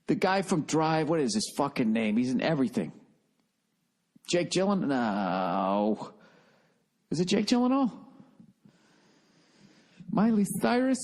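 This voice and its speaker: A man's voice: on the high side, sing-song, measured pace, long pauses, darkish tone. A middle-aged man with a Boston accent hosting a solo podcast, rambling in a profane, self-mocking and distracted way. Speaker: podcast host.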